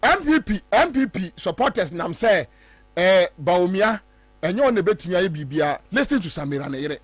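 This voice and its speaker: Animated Ghanaian man, high voice. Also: brisk, no echo. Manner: mixes Twi and English, mimics others in shifting voices. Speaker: political commentator. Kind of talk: animated political commentary.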